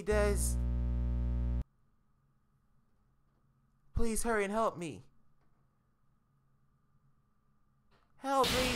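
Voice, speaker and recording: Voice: mid-range voice, a bit bright, slight background noise. A streamer reading aloud as a desperate, lovestruck young female game character, pleading and remorseful, with game music behind. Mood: anguished pleading. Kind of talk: read-aloud game dialogue.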